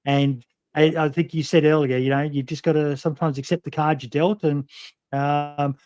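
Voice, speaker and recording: A man's voice: fairly high pitch, fairly even intonation, moderate pace, darkish tone. A man hosting a podcast interview, talking bluntly with plenty of swearing and many "um"s. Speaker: podcast host. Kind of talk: casual interview chat.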